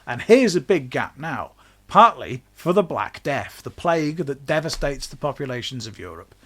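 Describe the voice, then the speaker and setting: A man's voice: medium pitch, very animated, moderate pace, fairly bright tone. A man, hosting a podcast and explaining history in a chatty, jokey way, laughing now and then. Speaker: podcast host.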